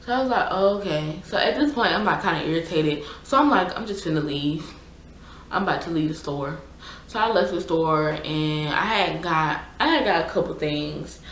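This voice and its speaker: A woman's voice: sits low, lively intonation, moderate pace, a bit bright, slight background noise. A young woman, chatting casually and exasperatedly through a storytime vlog with lots of fillers. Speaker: YouTuber. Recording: echoey room.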